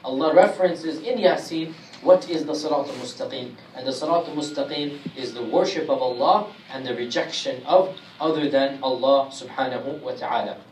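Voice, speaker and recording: A man teaching a Quran commentary class, speaking emphatically and reciting Arabic verses rapidly. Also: mid-range voice, darkish tone. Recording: echoey room, distant mic, faint hiss.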